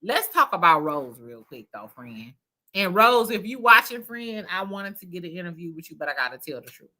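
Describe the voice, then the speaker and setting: A woman's voice: fairly low pitch, sing-song, normal speed, sharp tone. A woman hosting a casual reality TV recap, with profane, laughing gossip. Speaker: host. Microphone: streaming mic.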